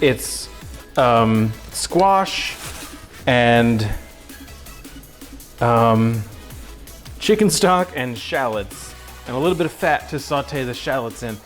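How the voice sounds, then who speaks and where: Goofy male cooking-stream host, unhurried and jokey, faint music under a home-kitchen mic. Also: medium pitch. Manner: goofy, jokey, talks to chat and pets while cooking. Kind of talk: casual cooking livestream chat.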